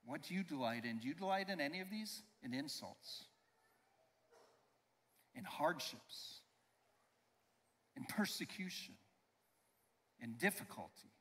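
A pastor preaching a sermon with emphasis. He slows down to stress key phrases and leads the congregation in call-and-response. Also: on the high side, animated, fairly bright tone. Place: church sanctuary. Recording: long reverb of a church hall.

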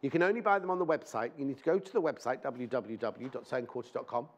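A man's voice: medium pitch, fast talker. A man presenting a live shopping show in a TV studio, chatting in rambling anecdotes and speaking fondly to viewers.

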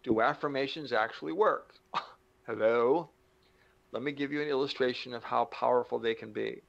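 Middle-aged male motivational speaker, gravelly, animated delivery with acted-out asides; slightly muffled recording. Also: medium pitch. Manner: animated, acts out little dialogues with the brain; slows down to stress key points. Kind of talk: motivational talk to camera.

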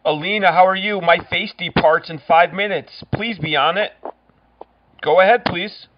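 A man making prank phone calls, delivering cheesy pick-up lines in a deadpan way. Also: high-pitched, normal speed, lo-fi sound, a little hiss or hum. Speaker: prank caller.

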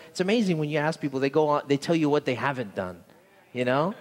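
A man's voice: fairly high pitch, animated, quick pace, big-room sound. A man pastor preaching a sermon, telling a story earnestly and often repeating words, in a church sanctuary.

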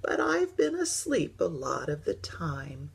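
A woman voicing a gentle, sleepy old male teddy bear who speaks softly and breathily in a storybook reading. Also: low voice, wildly swooping pitch, heavily acted. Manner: soft, slow and breathy.

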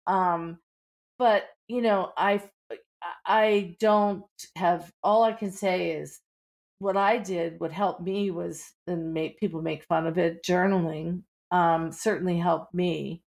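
A woman's voice: fairly low pitch, fairly even intonation, slow, gravelly, a little mellow. A middle-aged woman with a Pittsburgh accent, an author talking candidly in a podcast interview, full of "you know" fillers. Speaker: author guest.

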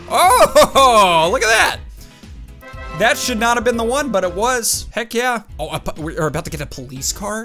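A man in his let's-play commentary, reacting with excitable outbursts and talking back at the game as he plays. His voice sits fairly high and swings up and down a lot. Game music plays clearly underneath him. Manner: excitable, talks to the game and himself, jumpy outbursts. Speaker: gaming YouTuber.

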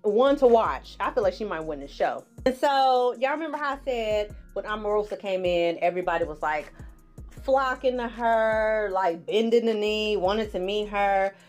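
A woman giving a casual, sassy recap as a vlogger, talking in an expressive, chatty way. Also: medium pitch, normal speed, faint music behind. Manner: sassy, expressive, laughs often, acts out quotes in exaggerated voices. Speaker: vlogger recapping a reality show.

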